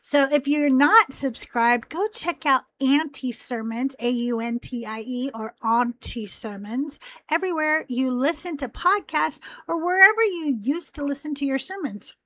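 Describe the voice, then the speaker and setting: A woman's voice: high voice, lively intonation, moderate pace, few pauses, fairly bright tone, no room sound. A woman hosting a live call-in show, chatting casually in a rambling way with a youthful, teen-like voice. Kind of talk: casual live-stream chat.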